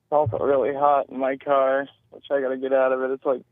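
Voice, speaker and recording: Monotone male caller on a tinny phone line. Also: medium pitch, fast talker, no room sound. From Western New York. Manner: flat, monotone delivery. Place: in his car.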